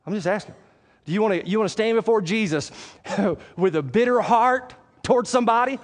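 Male pastor, high voice, casual preaching that swings loud to hushed. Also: a little fast. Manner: conversational, swings between loud preaching and quiet asides. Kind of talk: sermon.

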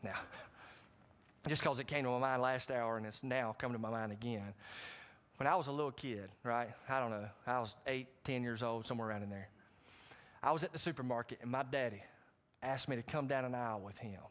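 A middle-aged man preaching a sermon, animated, with sudden loud rises and frequent asides to the congregation. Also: medium pitch, brisk. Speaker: pastor.

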